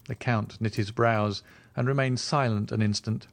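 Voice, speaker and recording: A man narrating a classic novel as an audiobook in scripted literary narration, recorded on a close studio mic with an expressive, steady storytelling manner. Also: lowish voice, normal speed, dry recording.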